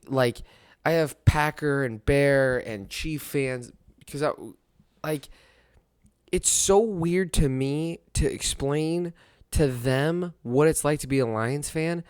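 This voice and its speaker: A man's voice: mid-range voice, darkish tone, smooth, no echo, clean studio sound. A young adult man hosting a casual sports talk monologue, rambling and rueful, laughing at his own misery. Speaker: podcast host.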